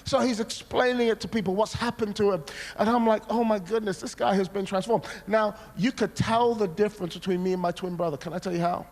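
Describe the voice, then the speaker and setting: A man preaching a sermon, telling a personal story in an animated way, acting out his own past words and sometimes breaking into shouts. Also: sits high, fairly quick. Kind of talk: sermon testimony. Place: large church hall. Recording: long hall reverb.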